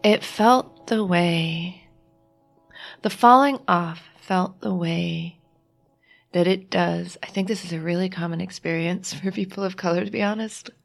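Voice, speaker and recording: Low gravelly-voiced woman telling a story. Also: faint music behind. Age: adult, married with a child. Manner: reflective, halting, restarts and quoted dialogue. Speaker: guest author. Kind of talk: personal storytelling in interview.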